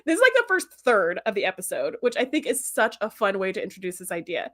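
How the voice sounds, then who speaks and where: A woman's voice: mid-range voice, sing-song, fairly bright tone. A woman hosting a podcast, giving a casual, rambling recap of a TV episode, correcting herself often and laughing easily. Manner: chatty, rambling, self-correcting, quick to laugh. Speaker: podcast host.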